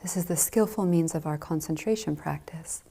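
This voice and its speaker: A woman giving a dharma talk as a Zen teacher, speaking softly and gently with light laughs. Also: low voice, moderate pace, breathy edge.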